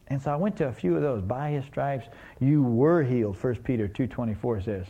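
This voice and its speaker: A man with a gravelly voice preaching a sermon. He tells the story casually and keeps asking the congregation questions. The recording sounds a little dull and lo-fi. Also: on the high side, normal speed. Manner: conversational, asks the congregation questions.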